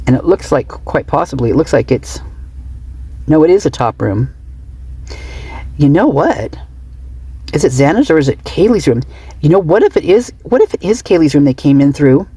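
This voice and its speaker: A woman's voice: low-pitched, animated, moderate pace, long pauses, mellow, husky. A woman true crime vlogger talking off the cuff in a chatty, rambling way with giggly asides. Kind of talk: unscripted casual vlog chat.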